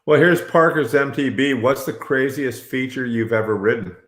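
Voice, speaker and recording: A man's voice: mid-range voice, normal speed, a bit bright, reverberant. A man hosting a casual podcast and reading out listener questions. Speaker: podcast host. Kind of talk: casual interview chat.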